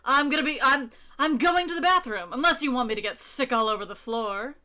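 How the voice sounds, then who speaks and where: A woman's voice: on the high side, animated, moderate pace, sharp tone. A woman doing a stiff old-time secret agent. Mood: stern. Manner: transatlantic-style put-on diction.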